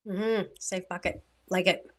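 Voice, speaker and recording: A woman's voice: lowish voice, fairly even intonation, unhurried. A woman co-hosting a relationship podcast, asking thoughtful, clarifying questions. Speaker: podcast co-host. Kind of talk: reflective relationship talk.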